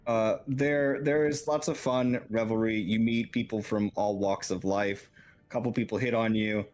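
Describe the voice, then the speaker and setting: A man's voice: fairly low pitch, steady tone, moderate pace, a little mellow. A young man narrating as game master, loose and casual, often laughing and swearing.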